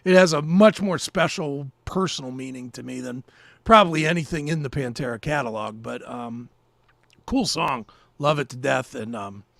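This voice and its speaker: A man co-hosting a podcast, telling a story in casual chat, animated and swearing freely. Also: medium pitch, moderate pace, vocal fry, dry recording. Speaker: podcast co-host.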